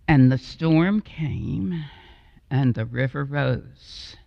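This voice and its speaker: A woman preaching a storytelling sermon in a slow, expressive way, acting out the voices in her story. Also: a bass voice, gravelly, no room sound, big-room sound. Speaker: guest preacher. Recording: dull, lo-fi and dry.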